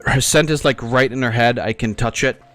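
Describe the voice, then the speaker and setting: Young guy rambling over a game, swears a lot, crude jokes, normal pitched voice, faint music in the back. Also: normal speed, fairly bright tone. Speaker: gaming channel host. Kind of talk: casual gameplay commentary.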